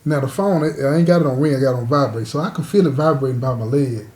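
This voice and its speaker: A man casually telling a personal story to his listeners, animated and full of asides. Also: mid-range voice, quick pace. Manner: animated, talks straight to listeners with frequent asides.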